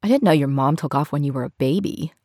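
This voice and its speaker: A woman's voice: low voice, lively intonation, fast, mellow, breathy edge, dry recording, studio quality, heavily acted. A woman voicing a bold, blunt teenage schoolgirl in an audiobook, speaking in frank, casual teen talk.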